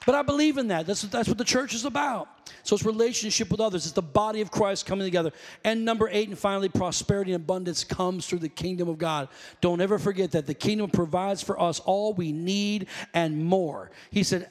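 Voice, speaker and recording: A man's voice: high voice, big-room sound. A male pastor preaching a sermon in a church, telling stories in a loose, conversational way with restarts and calling out to his congregation. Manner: conversational, rambling storytelling with self-corrections; calls out to congregation.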